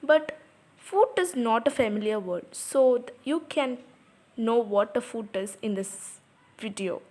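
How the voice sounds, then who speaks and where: A woman's voice: fairly high pitch, expressive, a little slow, a little mellow. A woman teaching a lesson on poetry, explaining patiently and repeating example words aloud, in English with non-native grammar.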